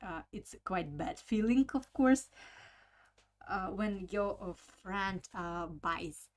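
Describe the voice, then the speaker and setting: Female language teacher, unhurried delivery, mid-pitched voice, halting explanations, patient word-by-word drills. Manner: hesitant, many filler sounds, repeats words for drilling. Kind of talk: slow explanatory language lesson.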